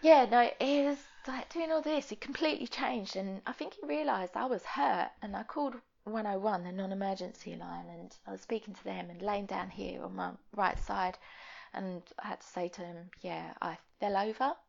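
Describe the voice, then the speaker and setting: A woman's voice: medium pitch, moderate pace, vocal fry, a little mellow, muffled recording. A woman speaking as a podcast guest, telling a personal story frankly and rambling, with frequent fillers. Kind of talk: candid conversational storytelling.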